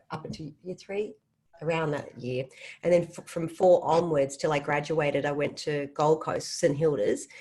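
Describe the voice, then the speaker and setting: A woman with an Australian accent, chatting casually as a convention panel guest and rambling from story to story with animated asides. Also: deep voice. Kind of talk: casual chat.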